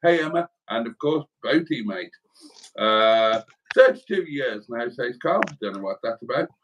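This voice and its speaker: A man's voice: medium pitch, lively intonation, measured pace, muffled recording, a little hiss or hum. A man with a mid-range voice co-hosts a home livestream. His delivery swoops widely as he reads out viewer comments in a jovial, wry way and tosses in jokey asides. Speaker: livestream co-host. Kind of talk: casual chat reading viewer comments. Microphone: home livestream setup.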